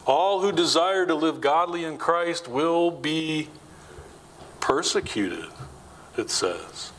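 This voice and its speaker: Casting note: male pastor, fairly high voice, chatty sermon that puts questions to the congregation. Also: lively intonation, takes it slowly, fairly bright tone, a little hiss or hum, poor audio. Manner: conversational, asks the congregation questions; acts out quoted lines with rising pitch. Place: church.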